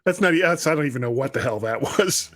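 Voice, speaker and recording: A man's voice: mid-range voice, animated, fast talker. A man with a London accent hosting a podcast, chatty and self-deprecating in casual talk. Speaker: podcast host. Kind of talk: casual chat.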